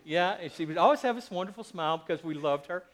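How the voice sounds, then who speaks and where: Middle-aged male pastor, high voice, lively sermon delivery with loud and quiet swings. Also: fast talker. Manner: animated preaching, swings between loud and quiet.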